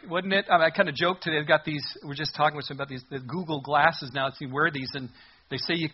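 A man's voice: a little high, dull audio, slight background noise. A man preaching a sermon in a conversational, humorous way, reading scripture aloud. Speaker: pastor.

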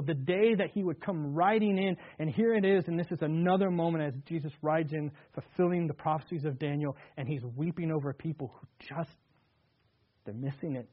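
A man preaching an earnest sermon in a slightly high voice, leaning hard on key words and then sinking into hushed, quiet tones. The sound is thin and tinny, like a phone-line radio broadcast. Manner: earnest, repetitive restarts, swings between loud emphasis and hushed tones. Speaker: pastor.

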